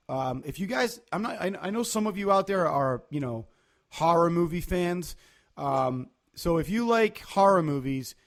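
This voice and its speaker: A man, chatting casually on a podcast and telling loose, rambling stories full of fillers. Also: a little high. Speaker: podcast co-host. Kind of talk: casual chat.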